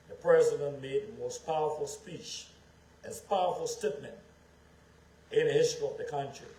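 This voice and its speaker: A man's voice: medium pitch, a little fast, dark tone. A man from Liberia, giving an emphatic public speech as a political speaker and repeating his phrases for effect. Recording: echoey room with faint background ambience.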